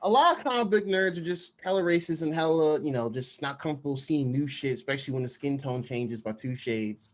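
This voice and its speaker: A man's voice: fairly high pitch, brisk, hardly any pauses. A man co-hosting a podcast, casually recapping a TV episode in a loose, rambling way with lots of slang and fillers. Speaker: podcast co-host. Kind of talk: casual chat.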